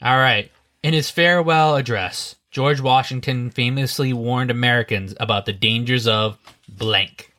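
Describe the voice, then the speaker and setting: A laid-back man co-hosting a podcast, reading party-game cards aloud and laughing between them. His voice sits at an ordinary male pitch, with casual, lightly profane remarks. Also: measured pace, bright, forceful tone. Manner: reads cards aloud, laughs, mild swearing. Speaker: podcast co-host running the game. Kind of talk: casual chat during a card game.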